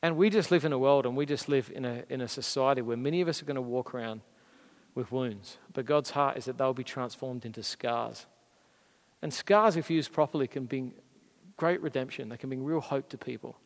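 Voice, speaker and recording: An Australian pastor delivers a sermon in a large hall whose long reverb trails every phrase. He preaches earnestly and conversationally, with emphatic rises, in a brisk, mid-range voice.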